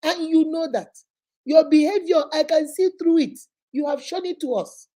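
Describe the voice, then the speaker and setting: A woman's voice: high voice, moderate pace, mellow. A woman with a Nigerian accent giving impassioned vlog commentary, scolding and preachy, hammering points home with repeated rhetorical questions. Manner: emphatic, repetitive, rhetorical questions. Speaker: vlogger host.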